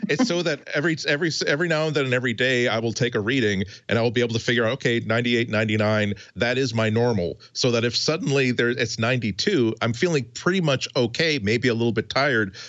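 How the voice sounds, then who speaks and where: A man's voice: medium pitch, fast talker, few pauses, a bit bright, no echo, highs cut off. A man on a podcast panel in casual tech chat, rambling and stumbling over his words with many restarts.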